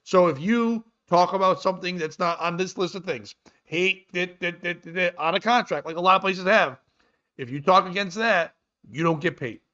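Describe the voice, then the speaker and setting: With a high, pushed and bright voice at a moderate pace, this man hosts a comedy podcast and goes on rambling, foul-mouthed rants. The casual chat has a dull, lo-fi recording quality.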